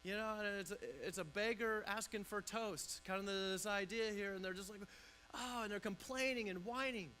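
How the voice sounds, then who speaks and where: A man's voice: high-pitched, steady tone, moderate pace, pushed and bright, slight background noise, low-quality recording. A man pastor preaching a conversational sermon in a church, often restarting and repeating words.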